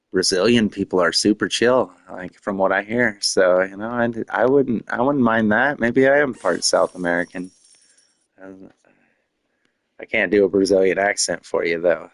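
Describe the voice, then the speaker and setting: Gravelly rambling man streaming. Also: fairly low pitch, no room sound. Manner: rambling, laughing, filler-heavy. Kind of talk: casual live-stream chat.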